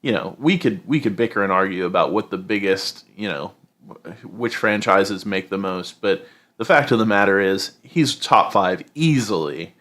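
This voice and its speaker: Podcast cohost guy, lowish voice, rambly, lots of "you know"s. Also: normal speed, a bit bright. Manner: rambling opinions with many fillers like "you know". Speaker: podcast co-host. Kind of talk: casual podcast chat.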